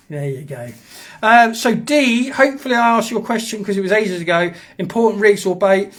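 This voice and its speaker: Rambling, chatty man. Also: a little high. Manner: rambling, chatty, reads out viewer comments. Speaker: host of a fishing tackle live stream. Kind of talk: casual live stream chat.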